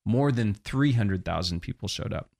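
A man, a guest evangelist, talking in a relaxed, casual way with the odd chuckle. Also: on the low side, normal speed, creaky. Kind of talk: casual conversation.

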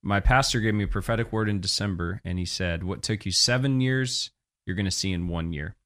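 Low-voiced man, relaxed evangelist. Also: fairly quick. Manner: relaxed, chuckles while talking. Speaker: guest, evangelist. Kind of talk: casual conversation.

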